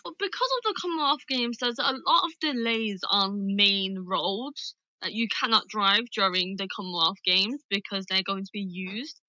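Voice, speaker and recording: A woman's voice: medium pitch, moderate pace, hardly any pauses, dry recording, low-quality recording. Chatty young woman with Birmingham accent. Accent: Birmingham English. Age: young adult. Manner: relaxed, chatty, answers briefly. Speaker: livestream host. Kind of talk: casual chat with callers.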